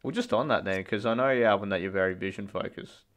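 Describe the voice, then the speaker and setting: A man's voice: fairly low pitch, quick pace, a bit bright. A man hosting a podcast interview, asking open questions and giving short affirmations in a conversational manner. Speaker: podcast host. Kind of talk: casual interview.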